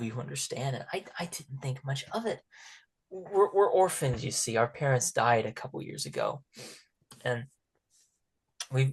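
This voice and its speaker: A man voicing a timid, lonely teenage orphan girl who speaks haltingly and softly, often slipping into a whisper. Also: medium pitch, creaky, slightly rough. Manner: hesitant, halting and soft-spoken, often whispering.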